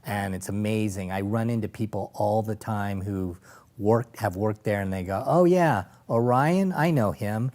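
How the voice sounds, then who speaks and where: A man's voice: lowish voice, moderate pace. A middle-aged man, a former lawyer turned safari operator, telling stories as an interview guest, acting out voices and laughing as he goes. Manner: animated storyteller, acts out voices and laughs. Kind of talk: anecdotal storytelling in conversation.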